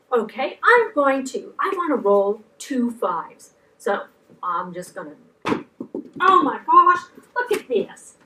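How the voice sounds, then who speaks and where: A woman giving an animated object lesson to children, exclaiming as she goes. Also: sits high. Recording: distant mic, faint background noise.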